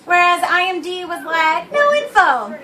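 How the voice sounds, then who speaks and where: A woman's voice: very high voice, sing-song, normal speed, bright, forceful tone, recorded from a distance. A young woman co-hosting a vlog in playful, teasing casual chat, now and then breaking into a short sung line. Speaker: vlog co-host.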